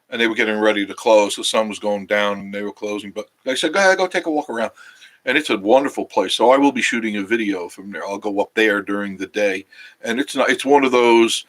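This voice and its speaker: A tired man chats casually with his audience from a cabin couch. He rambles, loses his train of thought and circles back, in an easygoing, friendly travel-vlog way. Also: on the low side. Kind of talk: casual live-stream chat with viewers. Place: cabin living room, sitting on a couch.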